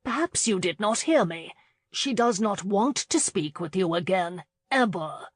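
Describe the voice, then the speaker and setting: A woman voicing a stern, protective man who speaks flatly and threatens. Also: mid-range voice, normal speed, no room sound, close to an everyday voice. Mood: firm. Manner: flat, expressionless, then threatening. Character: protective stern man, guarding his cousin.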